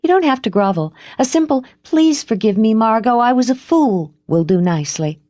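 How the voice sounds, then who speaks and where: A woman voicing a spoiled, glamorous young woman in an audiobook, speaking in a high, pouting voice. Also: lively intonation, normal speed, mellow, no echo, studio quality, lightly acted. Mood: teasing.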